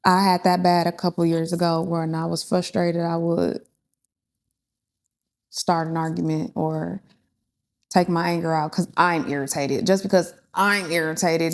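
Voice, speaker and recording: Candid woman thinking out loud. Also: on the low side. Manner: candid, thinks aloud with restarts and fillers. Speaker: podcast guest. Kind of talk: casual conversation.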